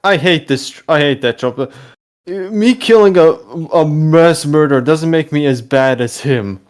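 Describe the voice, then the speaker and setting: A man's voice: fairly high pitch, measured pace. Blunt, hesitant male co-host. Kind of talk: casual reaction commentary.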